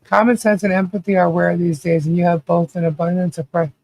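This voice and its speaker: Blunt high-voiced man ranting on a livestream. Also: level tone, brisk, darkish tone. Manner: blunt, ranting, swears freely; reads out viewer chat comments. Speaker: livestream commentary host. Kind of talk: casual livestream commentary.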